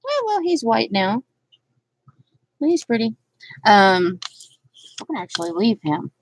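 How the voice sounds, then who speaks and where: Woman, craft stream host, higher voice, unhurried, rambling chat, frequent laughs. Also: very animated, slight background noise, poor audio. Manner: chatty and rambling, greeting viewers by name; laughs often, trails off with fillers. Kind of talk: casual live crafting chat.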